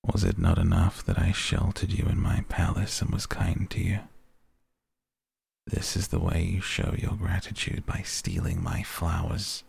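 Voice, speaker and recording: A man voicing an angry male beast in a bedtime story, speaking slowly, hushed and stern. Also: sits low, expressive, vocal fry, breathy edge, no room sound, full character voice. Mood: furious.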